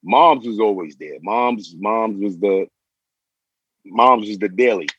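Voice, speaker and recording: A man's voice: on the low side, animated, slow, a bit bright, dull audio, slight background noise. A man in his forties telling his story as an interview guest, in profane street slang, often repeating himself. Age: 40s.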